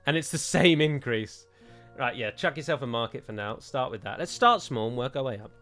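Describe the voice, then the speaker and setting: A young man talking his way through a strategy game, chatty and self-mocking, tossing jokes in between the numbers. His voice sits at a middling pitch with faint music in the background. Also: lively intonation, a little fast, fairly bright tone. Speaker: gaming YouTuber. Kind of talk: let's-play commentary.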